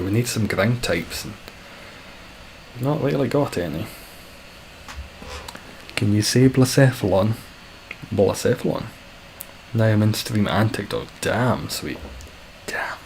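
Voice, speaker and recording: A man's voice: lowish voice, slight background noise, low-quality recording. A young man streaming a game, chatting casually with viewers in a rambling, self-deprecating way.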